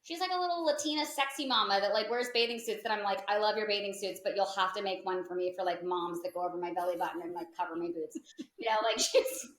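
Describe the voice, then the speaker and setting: A woman's voice: medium pitch, quick pace. Chatty woman telling a story, echoey room. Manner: chatty, peppered with "like" and lively quoted asides. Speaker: podcast guest. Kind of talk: casual storytelling in an interview.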